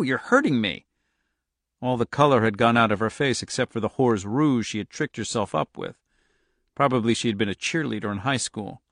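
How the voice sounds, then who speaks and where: A man reading a novel aloud in steady scripted narration. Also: mid-range voice, no echo, clean studio sound. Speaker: audiobook narrator.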